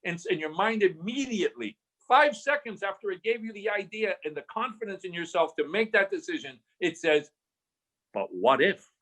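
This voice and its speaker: A man's voice: high voice, animated, normal speed, a bit bright. An older man guest from Southern California telling a story in a podcast interview, acting out the voices he quotes and restarting his phrases often.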